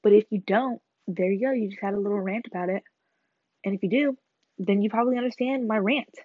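A woman's voice: medium pitch, a little fast, dry recording. A teenage girl in a rambling, swearing, self-mocking chat to camera. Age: teens. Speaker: vlogger. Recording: slightly dull lo-fi sound.

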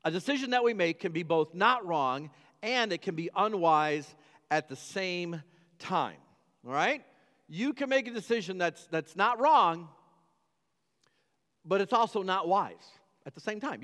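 Male pastor, slightly high voice, insistent repeating delivery, long church reverb. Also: big pitch swings, measured pace, a bit bright. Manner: emphatic, repetitive preaching with stumbles and restarts. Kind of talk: sermon.

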